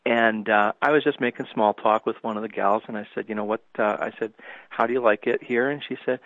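A man's voice: fairly low pitch, fairly even intonation, normal speed, no room sound. A man from Michigan calling in to a radio show, talking in a blunt, opinionated way. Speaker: caller. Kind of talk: casual call-in chat. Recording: tinny phone line.

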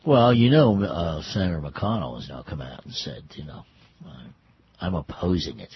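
A male co-host with a low, raspy voice adds short comments in political talk. He sounds measured and calm. The recording is dull and lo-fi. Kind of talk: political talk show banter.

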